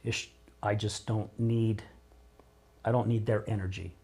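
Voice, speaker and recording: A man's voice: fairly low pitch, little pitch movement, a little slow, gravelly, a little mellow, husky. A middle-aged man speaking as a podcast guest, talking openly and emotionally with frequent restarts. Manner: emotional, open, rambling with repeated starts. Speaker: podcast guest, recovery coach. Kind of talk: candid interview conversation.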